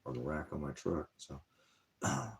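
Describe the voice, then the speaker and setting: His voice is a rumbling low, gravelly and husky, steady in tone and moderate in pace. He runs an online ministry and, in a casual vlog, wearily rambles about his troubles, sighing and drifting between subjects.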